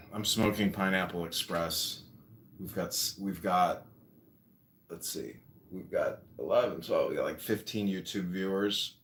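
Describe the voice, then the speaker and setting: Low-voiced man hosting a joking livestream. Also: measured pace, fairly bright tone, echoey room, slight background noise. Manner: joking, offhand, clears throat often. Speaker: host. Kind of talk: casual livestream chat.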